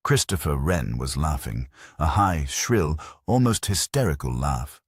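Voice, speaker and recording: A man narrates a mystery novel in an extremely deep, husky voice. His reading is measured, with lively rises and falls. The sound is dry and close. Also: dry recording. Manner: measured storytelling delivery. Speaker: audiobook narrator.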